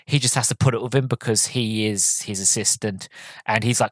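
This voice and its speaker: Speaking a little fast in a fairly low, fairly even voice, this British podcast host reviews a film over a dry recording. His casual delivery wanders, full of fillers and restarts, as he acts out scenes in quoted voices.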